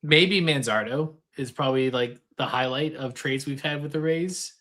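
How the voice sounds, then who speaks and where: A man's voice: mid-range voice, normal speed. A man co-hosting a casual sports podcast, talking loosely with plenty of ums and uhs. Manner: relaxed, lots of fillers. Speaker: podcast co-host. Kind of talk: casual sports chat over beers.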